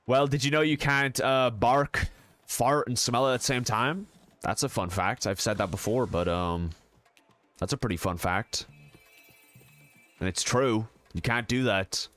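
A man's voice: mid-range voice, unhurried, fairly bright tone, soft background music. A young man streaming a video game and chatting casually with his viewers, goofy and joking, repeating himself and swearing. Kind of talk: casual gaming stream chat.

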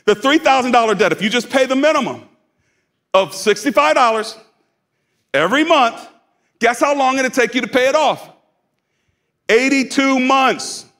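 A man's voice: very high voice, fairly bright tone. A male pastor preaching a sermon in a conversational, humorous way, drawing the congregation into call-and-response. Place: church sanctuary.

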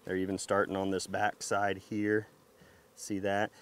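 A man vlogging outdoors as he works a beehive, talking to the camera in an excited, folksy way. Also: on the low side, measured pace. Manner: excited, folksy, talks to camera while handling hives. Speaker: beekeeper vlogger. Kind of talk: casual outdoor narration while working. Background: buzzing bees.

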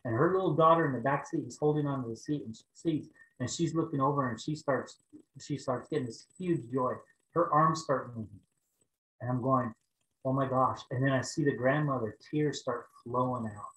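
A man preaching over a video call, telling a personal story in an animated way and raising his voice for the prayers. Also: medium pitch, moderate pace, reverberant, poor audio. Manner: animated storytelling, rising to loud exclaims when acting out prayers. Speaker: pastor.

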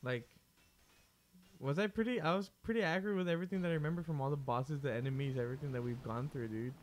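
Young dude riffing with his friend while he plays, higher voice, lots of noise behind. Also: fast. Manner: chatty, excitable, swears. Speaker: co-host. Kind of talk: casual let's-play chat.

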